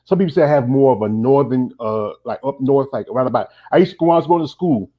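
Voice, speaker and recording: Fast-talking rambling male host. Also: mid-range voice, animated, lo-fi sound. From North Carolina, USA. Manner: rambling, talkative, tells anecdotes. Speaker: interview host. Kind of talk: casual interview chat.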